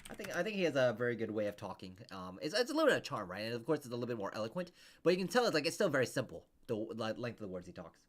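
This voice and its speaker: A man's voice: mid-range voice, big pitch swings, very fast. A man coaching over a video call, rambling casually with many restarts and fillers. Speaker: interview coach.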